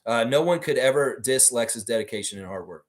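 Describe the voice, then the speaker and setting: A man's voice: medium pitch, expressive, fairly quick. Blunt man hosting a livestream chat. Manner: blunt, swears freely; talks about himself in the third person. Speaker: sports livestream host. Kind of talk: casual livestream chat reading viewer comments.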